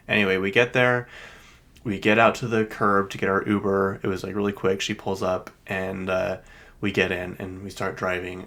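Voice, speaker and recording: Chatty exasperated low-voiced young man. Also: gravelly, a bit bright. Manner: chatty storytelling, exasperated rants with mock-indignant quoted outbursts. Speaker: podcast co-host. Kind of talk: casual chat.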